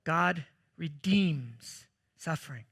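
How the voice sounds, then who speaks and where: Animated high-voiced male preacher. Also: takes it slowly, gravelly, slightly rough. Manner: animated, jokey storytelling with sudden loud bursts. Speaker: pastor. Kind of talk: sermon.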